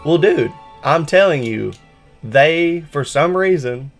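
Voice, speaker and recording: A man's voice: fairly high pitch, lively intonation, slow pace, soft background music. A man hosting a gaming live stream, bantering casually and swearing freely. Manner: profane, laid-back banter. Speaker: streamer host.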